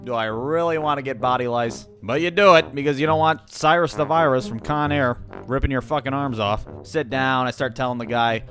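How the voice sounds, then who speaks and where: A man telling a comic childhood story in a sarcastic, profane, animated way. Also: mid-range voice, fairly quick, faint music behind. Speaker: stand-up comedian.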